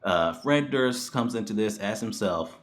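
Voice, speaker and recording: A man giving a casual spoken movie review, animated and exasperated, who swears freely and laughs often. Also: fairly low pitch, a little slow.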